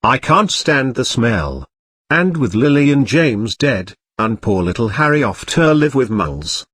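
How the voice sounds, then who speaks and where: A man's voice: mid-range voice, big pitch swings, fairly bright tone, breathy edge, dry recording, studio quality, heavily acted. Man doing a weepy shaggy giant. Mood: sobbing. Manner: halting and weepy. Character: huge shaggy male groundskeeper, tearful and soft-hearted.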